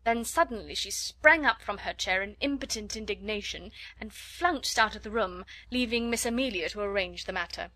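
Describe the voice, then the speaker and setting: A woman narrating a classic storybook in an expressive, measured reading. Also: medium pitch.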